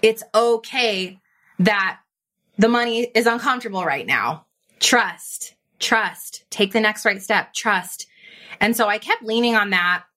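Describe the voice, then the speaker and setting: A woman guest on a podcast, a business coach, telling her story in a lively conversational way and acting out her own thoughts in quotes. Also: medium pitch. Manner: animated, fast-flowing, quotes her own inner voice.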